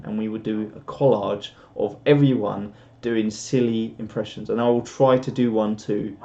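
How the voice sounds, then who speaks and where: Man, live stream host, casual chat, jokey rambling, mellow tone, muffled lo-fi audio. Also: mid-range voice. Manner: reads viewer comments aloud, jokey and rambling. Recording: dull lo-fi sound.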